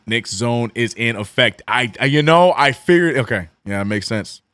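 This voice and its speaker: A man with a New Orleans accent and a cracking, hoarse voice, calling a game as a fan streamer and chatting with his viewers. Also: moderate pace, dry recording. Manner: swings from excited calls to low, mumbled chat with viewers. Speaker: streamer doing fan play-by-play. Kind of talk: watch-along play-by-play and chat.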